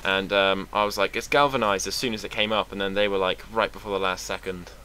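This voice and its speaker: A young Englishman with a British accent rambles through a casual vlog, sarcastic and swearing freely. His voice sits fairly low yet sounds bright and forceful, with a faint hiss of background noise in the room. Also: fairly even intonation, fast. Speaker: vlogger.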